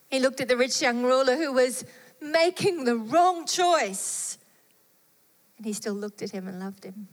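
A woman preaching a sermon with fervent delivery, rising to emphatic peaks and falling to hushed, soft phrases. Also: mid-range voice. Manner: fervent, swelling and dropping to soft tones. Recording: long hall reverb.

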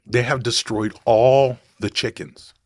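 A man's voice: mid-range voice, fairly even intonation, slow pace. A man talking casually to camera in a rambling, digressive way, thinking aloud as he goes. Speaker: vlogger.

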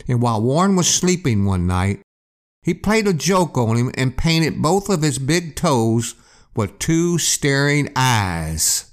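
A male podcast host telling a scary campfire story. He speaks slowly and draws out each line for effect. His pitch swoops widely as he builds suspense. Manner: slow, expressive storytelling. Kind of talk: storytelling narration.

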